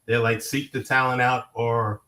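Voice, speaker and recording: A man from Harlem with a New York accent, a musician being interviewed, laid-back and quick to laugh. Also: medium pitch, little pitch movement, bright, forceful tone, poor audio. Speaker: guest, musician and producer. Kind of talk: casual interview.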